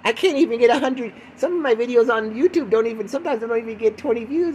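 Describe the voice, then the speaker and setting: A man's voice: very high voice, fast talker, hardly any pauses, darkish tone, slight background noise. An older man hosting a rambling solo podcast, mocking himself while lying at home with the window open. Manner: rambling, self-mocking, breaks into mock voices. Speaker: podcast host.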